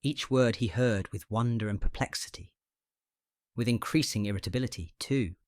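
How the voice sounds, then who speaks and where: A man narrating a short story in an unhurried, measured way, his voice at a middling pitch. The recording is dry and close, with no room sound. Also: no echo. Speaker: audiobook reader.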